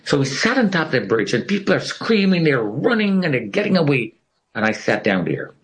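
A man with a slightly high voice speaks a little fast as an interview guest, telling a personal story. He's an animated storyteller who acts out what other people said.

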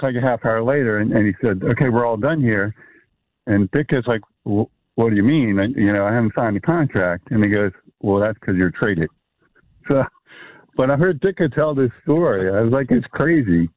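A man's voice: mid-range voice, dry recording. Man telling a story over a tinny phone line. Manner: rambling, many fillers and restarts. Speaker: caller or guest telling a story. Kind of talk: casual storytelling.

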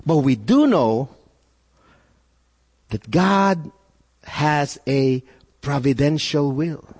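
A male pastor delivering a sermon, his slightly high voice rising and falling with animation. He talks earnestly, piling up rhetorical questions and repeating himself as he pushes a point. The sound carries a long echo, as if in a large hall. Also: expressive, drawn-out words, a little mellow.

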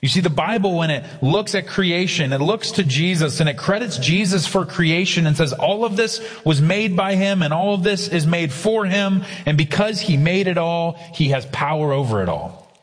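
A man preaching a sermon, earnest, slowing down hard to stress key lines. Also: on the high side, animated, in a large hall. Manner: earnest preaching with slow emphatic quotes. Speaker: pastor.

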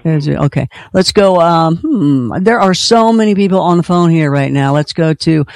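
A man hosting a call-in radio show, upbeat and playful, jumping in with quick remarks. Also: fairly high pitch, expressive, gravelly, dry recording. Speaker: radio host taking calls.

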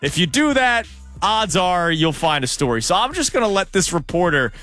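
A chatty male host on a sports talk show, easygoing and quick to laugh. His voice sits a little higher than most men's, and faint music plays behind him. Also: sing-song, bright, forceful tone.

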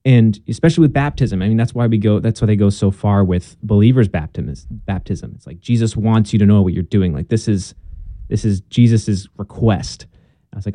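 A man's voice: on the low side, brisk, warm tone, no room sound. A young man, a guest in a conversation, telling his story in an earnest, casual way and acting out bits of past dialogue.

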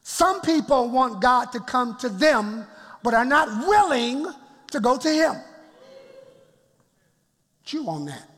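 High-pitched preacher in a reverberant hall. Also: male voice, sing-song, slow pace, long pauses, a bit bright, husky. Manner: call-and-response preaching, laughs often, asides to the congregation. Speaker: pastor. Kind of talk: sermon. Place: church.

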